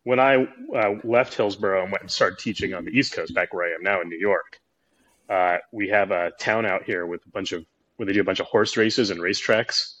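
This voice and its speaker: Low husky-voiced pilot guest man. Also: a little fast, a bit bright, muffled recording. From Oregon, USA. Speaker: podcast guest, helicopter pilot. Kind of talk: casual interview conversation. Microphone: remote call.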